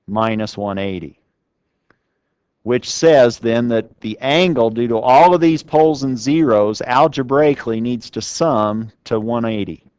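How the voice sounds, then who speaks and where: A man's voice: mid-range voice, a little mellow, clean tone, no echo. A man giving a university classroom lecture, talking conversationally and putting questions to the class. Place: lecture room.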